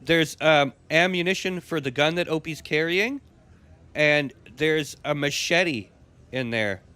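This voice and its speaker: A man's voice: a little high, unhurried, pushed and bright, smooth. A man narrating a role-play game as game master, telling the action casually and graphically.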